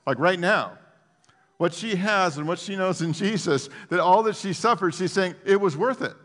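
Pastor preaching in a reverberant hall. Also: male voice, high-pitched, normal speed. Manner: conversational, animated, many fillers and restarts. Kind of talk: sermon.

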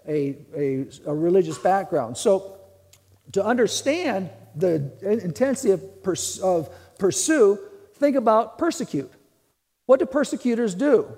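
A man's voice: high voice, dark tone, big-room sound. A man preaching a teaching sermon, emphatic, repeating and restarting phrases as he explains. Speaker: pastor.

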